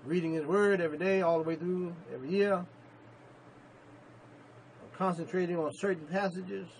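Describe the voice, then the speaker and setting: This is a man, delivering a sermon as a pastor. His voice sits a little high with a gravelly edge, and he swings from quiet asides to loud emphatic bursts, repeating phrases for force. A faint hum of room ambience runs behind him. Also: steady tone, moderate pace, low-quality recording. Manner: emphatic preaching with repetitions and sudden loud peaks.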